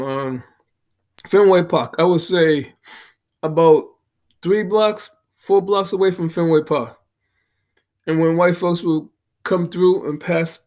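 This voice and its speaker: A man in his sixties from Boston talks straight to the camera. His voice sits a little high, and he speaks in an earnest, emphatic way, repeating himself for stress. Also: a little mellow. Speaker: vlogger. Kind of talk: casual storytelling monologue.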